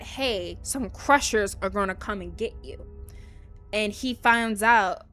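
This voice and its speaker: During a let's play, a woman host narrates a story in casual gaming commentary. Her storytelling is chatty, with lively leaps in pitch and lots of "like" and "um."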